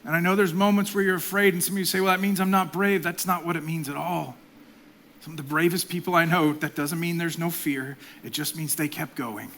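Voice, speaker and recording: A man in his forties, a pastor preaching a sermon, swinging between loud emphatic exhortation and soft, intimate delivery. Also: a little high, a little fast, vocal fry, slight background noise. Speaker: executive pastor.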